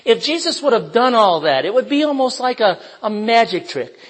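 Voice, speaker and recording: A man's voice: sits high, very animated, moderate pace, hardly any pauses, poor audio. A man preaching an informal sermon in a conversational way, asking the listeners questions and telling personal stories.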